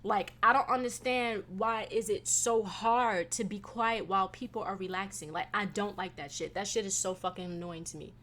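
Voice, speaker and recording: A young woman hosting a casual solo podcast, venting in a profane, animated way with sudden loud bursts. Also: medium pitch, moderate pace, hardly any pauses. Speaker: podcast host.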